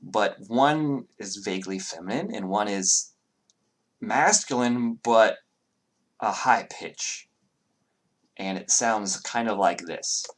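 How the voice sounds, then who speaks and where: A man narrating a tabletop game as game master, pausing often with fillers as he describes the scene. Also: on the low side. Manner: halting, with many fillers.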